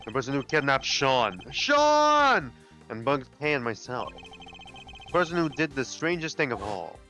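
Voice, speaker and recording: Man doing a composed, lowered prosecutor. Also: very animated, bright, forceful tone, soft background music. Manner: measured, deliberate, low and serious. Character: cool, composed male prosecutor, analytical.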